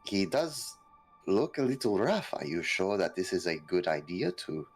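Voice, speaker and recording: A man voicing a smooth-talking nobleman who hesitantly tries to keep the peace. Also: low-pitched, big pitch swings, normal speed, faint music behind, heavily acted, rough recording. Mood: placating.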